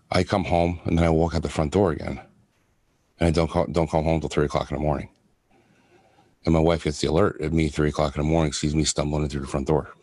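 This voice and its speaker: A man in his thirties telling his own hard story, halting and restarting often. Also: rumbling low, darkish tone, no room sound. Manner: halting, with many restarts and fillers. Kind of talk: personal testimony.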